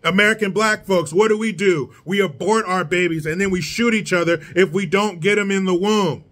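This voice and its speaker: A man's voice: sits high, normal speed, a bit bright. A man delivering a solo commentary rant in a sarcastic, mocking, blunt manner. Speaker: political commentator.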